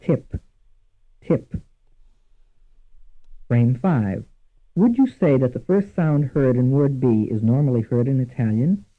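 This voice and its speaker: A man giving scripted instructional narration for a language course, measured and deliberate, repeating each example word twice. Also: medium pitch, animated. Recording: tinny lo-fi archival course audio.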